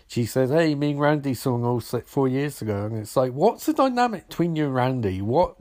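A man's voice: medium pitch, darkish tone. A man casually recapping a film in a rambling, wry and sarcastic way, swearing now and then. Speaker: film reviewer.

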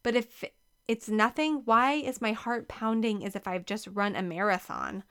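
A woman's voice: a little high, expressive, moderate pace, a bit bright, clean tone. A woman reading the part of a nervous, awkward teenage boy who stammers and hesitates.

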